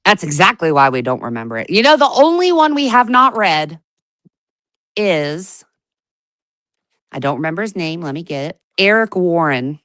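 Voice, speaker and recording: A woman with a fairly low voice co-hosts a loose live chat, teasing her partner in quick bursts. Her voice sounds dry and close to the mic. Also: sing-song, fairly bright tone, no room sound. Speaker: co-host.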